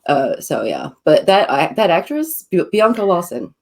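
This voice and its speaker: A podcast guest talks in a thoughtful, measured way, pausing to quote lines and build an argument. The voice sits at a middle pitch, relaxed and conversational. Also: vocal fry. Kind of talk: casual chat.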